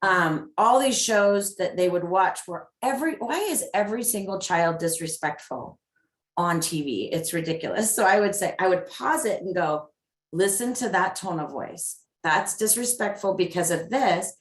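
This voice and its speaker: A woman's voice: fairly low pitch, moderate pace. Upbeat woman coaching parents, echoey room. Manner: upbeat, animated with lots of acted examples. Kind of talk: parenting talk.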